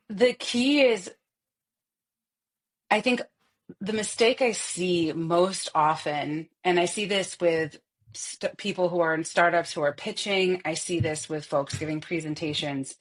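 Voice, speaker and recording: A woman voice coach on a podcast, speaking expressively and showing how to shift her voice. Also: on the low side. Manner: expressive, demonstrates vocal styles. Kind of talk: podcast interview.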